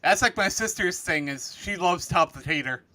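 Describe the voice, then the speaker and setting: A man co-hosting a casual live show, dropping quick wisecracks and short comments. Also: high voice, lively intonation, bright, forceful tone, poor audio.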